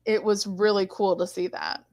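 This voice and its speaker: A woman co-hosting a casual online comic book hangout, telling stories in an animated way with many restarts. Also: mid-range voice, moderate pace. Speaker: co-host. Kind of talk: casual chat.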